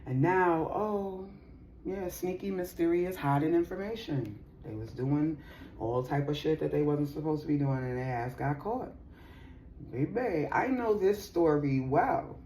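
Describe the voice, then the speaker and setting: Unhurried and low-pitched, a woman reads tarot for her audience while a faint hiss or hum runs underneath. Her talk is slangy, profane, and heartfelt; she's animated, laughs often, and calls people y'all and sis.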